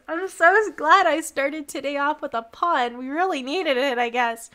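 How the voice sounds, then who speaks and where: An excitable young woman on a live game stream, with a high voice. Her tone is bright and sharp. She giggles and reacts out loud as she plays and reads along. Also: slow, hardly any pauses.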